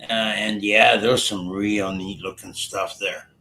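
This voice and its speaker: A man with a lowish voice in casual chat, adding short agreeing remarks and the odd question. Faint background noise sits under his line. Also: flat delivery, measured pace, bright, forceful tone. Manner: brief, agreeable replies.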